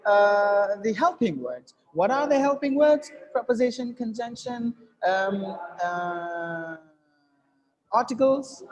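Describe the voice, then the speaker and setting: A man's voice: sits high, darkish tone, low-quality recording. A man with an Indian English accent teaching an English reading class, patiently correcting a student and modeling sentences aloud. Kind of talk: live online reading class.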